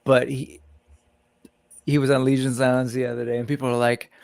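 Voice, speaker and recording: A man's voice: mid-range voice, flat delivery, normal speed, gravelly, a little mellow, dry recording, studio quality. A man hosting a casual livestream, chatting about toy reveals and greeting viewers in the chat by name. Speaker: livestream host.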